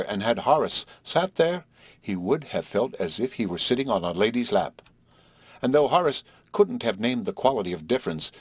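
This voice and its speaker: A man's voice: on the low side, husky, no room sound. A man reading a classic short story aloud as audiobook narration. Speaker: audiobook reader. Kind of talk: scripted narration.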